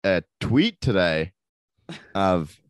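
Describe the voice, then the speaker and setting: Deep, laid-back male co-host. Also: big pitch swings, drawn-out words, clean tone, dry recording, studio quality. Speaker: podcast co-host. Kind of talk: casual chat.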